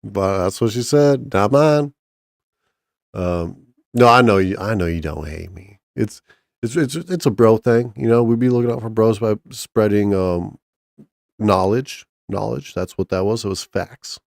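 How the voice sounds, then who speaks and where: A man's voice: on the low side, moderate pace, vocal fry, dry recording, clean studio sound. A man casually chatting on a stream, rambling and joking crudely with lots of restarts. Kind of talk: casual profane chat with chat and co-host.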